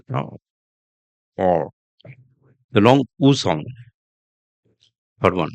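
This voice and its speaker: Deep-voiced man teaching pronunciation. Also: expressive, no room sound. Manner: slow, repeats example words aloud. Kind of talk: podcast accent lesson.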